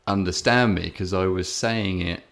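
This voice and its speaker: English male podcast co-host, deep and gravelly, loose rambling delivery. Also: moderate pace, fairly bright tone. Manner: rambling storyteller, many fillers and restarts. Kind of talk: casual podcast chat.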